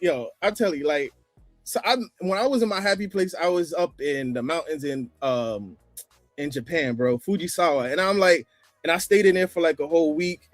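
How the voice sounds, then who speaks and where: A man's voice: on the high side, normal speed, no room sound, soft background music. A man from New York telling a casual story in slangy banter with friends.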